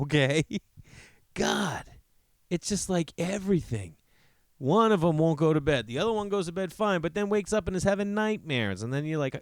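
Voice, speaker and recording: Podcast host, male: animated, swearing storyteller who jumps into quoted voices, close and dry sound. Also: a little fast, smooth, no echo. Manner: animated, profane, acts out quotes in a higher voice. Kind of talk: rambling comedic storytelling.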